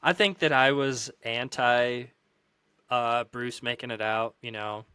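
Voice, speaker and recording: Bright, clear-voiced man co-hosting. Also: medium pitch, fairly even intonation, takes it slowly, dry recording. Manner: easygoing, laughs a lot, self-deprecating. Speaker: podcast co-host. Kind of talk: casual chat.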